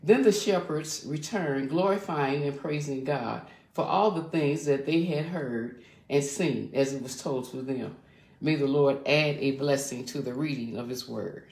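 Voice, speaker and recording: A reader reading scripture aloud at a measured, formal pace. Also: mid-range voice, a little mellow, reverberant, low-quality recording.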